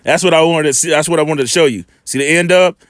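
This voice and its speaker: A man giving informal scripture commentary, emphatic and colloquial, slowing right down when he reads verses aloud. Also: a little high, fairly bright tone, no room sound. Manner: emphatic, colloquial, drawn-out slow scripture reading. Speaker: preacher commenting on video clips.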